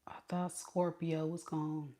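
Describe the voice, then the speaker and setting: A woman's voice: low-pitched, little pitch movement, unhurried, warm tone. A woman voicing a sulking ex-lover who mutters plaintively to themself, wondering why they have not been called back.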